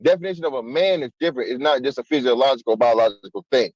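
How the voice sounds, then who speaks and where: A man's voice: medium pitch, animated, fast, a little mellow, dry recording, rough recording. A man arguing his point in a heated casual debate, cutting in and repeating himself. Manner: insistent, repeats himself to hold the floor. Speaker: panelist.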